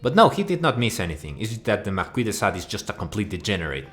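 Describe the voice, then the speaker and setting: A man's voice: fairly low pitch, sing-song, fast talker, a bit bright. A man delivering a crude, swearing, mock-outraged rant that rambles from point to point. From Mexico. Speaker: video host. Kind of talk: profane comedic rant.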